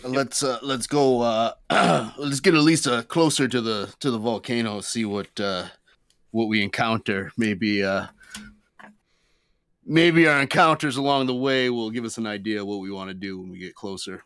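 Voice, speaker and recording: Brief: male player, casual and halting, dry close mic. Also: mid-range voice, fairly bright tone, clean tone, no echo. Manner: hesitant, restarts with uh. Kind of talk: casual game chat.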